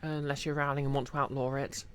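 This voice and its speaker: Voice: mid-range voice, level tone, quick pace, a little hiss or hum. A streamer, chatting casually to viewers while playing, rambling with many fillers. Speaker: game streamer.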